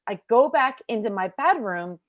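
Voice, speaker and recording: Dry-voiced, animated middle-aged woman storyteller. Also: on the high side, moderate pace, no room sound. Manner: casual, lots of fillers like "like". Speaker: interview guest. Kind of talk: personal storytelling. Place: home bedroom.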